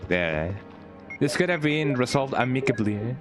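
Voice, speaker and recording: Over music, a man with a mid-range, animated voice streams a game at a normal speed, chatting casually and playfully with his viewers as he plays. Nearly every sentence he says ends in a questioning "eh?".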